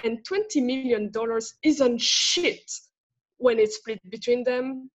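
A woman's voice: fairly high pitch, takes it slowly. Woman reading a blunt legal clerk, French accent. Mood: indignant. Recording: dull lo-fi audio.

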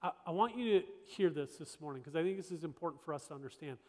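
High-voiced pastor in a reverberant church. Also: male voice, animated, fast talker, a little mellow. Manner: conversational, emphatic, repeats rhetorical questions. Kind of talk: sermon. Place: church sanctuary. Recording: long church hall reverb.

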